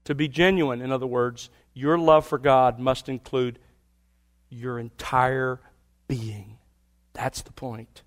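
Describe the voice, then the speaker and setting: A man preaching a sermon, stressing key words and dropping to quiet asides. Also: mid-range voice, fairly even intonation, takes it slowly. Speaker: pastor.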